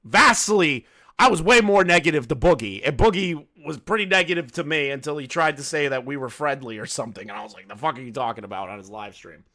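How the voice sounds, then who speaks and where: Man telling stories in bright, lively bursts. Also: a little high, a little fast. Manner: laughing, loose and profane storytelling. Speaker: commentary streamer. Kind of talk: casual profane commentary.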